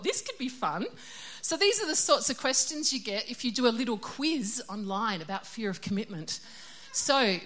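A middle-aged woman preaches in a casual, conversational way and keeps laughing at herself. Her voice is bright and sits a little high. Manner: chatty, self-deprecating, laughs often. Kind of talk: casual sermon.

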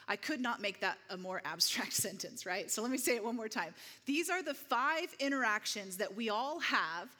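A woman's voice: fairly high pitch, sharp tone. A woman preaching a conversational sermon to a congregation, often checking in with "right?". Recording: long hall reverb.

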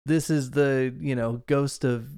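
Steady and a touch slow, this male co-host's mid-range voice sounds smooth and mellow. He talks through a film in a loose, chatty way with many asides, recorded at studio quality with no room sound.

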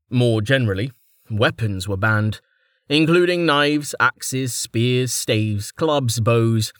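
A man narrating a fantasy audiobook in steady, measured scripted narration. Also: mid-range voice, no room sound, clean studio sound.

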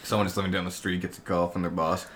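A man's voice: low-pitched, flat delivery, fast talker, roomy sound. A man on a podcast in a hotel room, dropping dry, crude one-liners. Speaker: podcast co-host. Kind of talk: crude joking banter. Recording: loud background noise.

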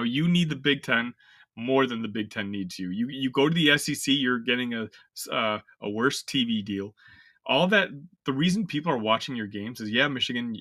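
A man's voice: medium pitch, bright, forceful tone, no room sound, studio quality. A young man co-hosting a sports podcast, ranting in casual, exasperated chat full of fillers. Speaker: podcast co-host.

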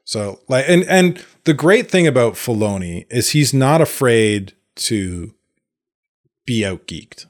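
A man co-hosting a casual movie podcast, talking in an animated way with many restarts. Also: medium pitch, slow. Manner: animated, restarts often, acts out quotes. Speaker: podcast co-host. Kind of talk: casual chat.

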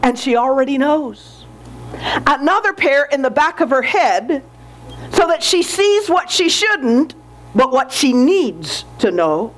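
God as a proud eager maker, high slowish voice as a woman reads him. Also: very animated, heavily acted.

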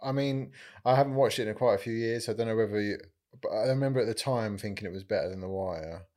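A man's voice: fairly low pitch, quick pace, a little mellow. A man who co-hosts a comedy podcast, chatting casually and hesitantly, often restarting. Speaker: podcast producer and co-host.

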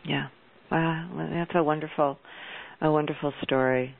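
An interview host speaks haltingly, repeating words and summing up what the guest has said. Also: mid-range voice, steady tone, vocal fry. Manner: halting, restating the guest's point. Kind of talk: casual interview chat. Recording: tinny phone-line sound.

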